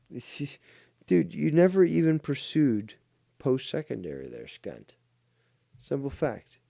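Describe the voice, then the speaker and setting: Slow, mocking man ranting. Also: fairly low pitch, gravelly, mellow, dry recording, clean studio sound. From Ontario, Canada. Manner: mocking, insulting, profane. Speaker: commentary show host. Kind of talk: ranting commentary.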